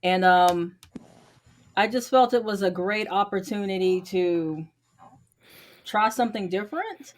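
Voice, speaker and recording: Woman, podcaster, upbeat, reflective, mid pitch, casual chat. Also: expressive, measured pace, pauses often. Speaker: podcaster, challenge participant.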